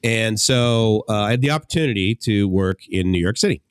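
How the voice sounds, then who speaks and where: A man's voice: fairly low pitch, fairly quick, clean tone, dry recording, studio quality. A man hosting a radio show in casual chat, telling long rambling stories and acting out the people he quotes. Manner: rambling storyteller, acts out quoted voices. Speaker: radio host.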